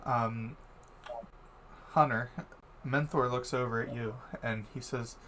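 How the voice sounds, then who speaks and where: Man, game master, slow unhurried narration, hesitant, faint ambient hiss. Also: mid-range voice, steady tone, fairly bright tone.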